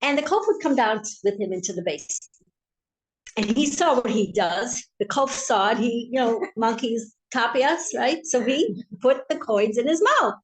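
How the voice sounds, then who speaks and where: A woman teaching a Torah class, telling a story in an animated, chatty way. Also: fairly high pitch, moderate pace, slight background noise, low-quality recording.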